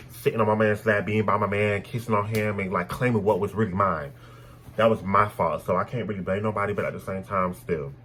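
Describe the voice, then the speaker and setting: A young man telling a personal story in a casual, animated way, blunt and full of swearing. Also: low-pitched, slight background noise, poor audio. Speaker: storytime vlogger.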